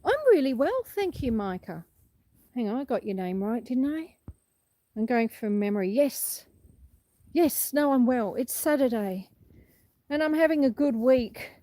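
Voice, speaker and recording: Aussie lady live streaming from her farm, windy outside, bit high voice, chatty, phone mic. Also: lively intonation, measured pace, pauses often, warm tone, no room sound. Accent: Australian. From Australia. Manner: chatty, laughs easily, talks to viewers by name. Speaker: livestream host. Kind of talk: casual livestream chat, reading comments aloud.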